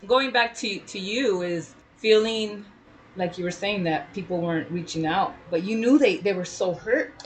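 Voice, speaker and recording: A woman's voice: medium pitch, normal speed, slight background noise, rough recording. A woman co-hosting a casual chat, telling her own story with feeling and animation. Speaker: podcast co-host.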